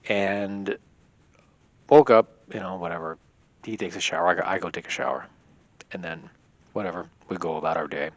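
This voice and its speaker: A man's voice: sits low, normal speed, pauses often. A young man telling a rambling personal story in a casual vlog, leaning heavily on filler words. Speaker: vlogger.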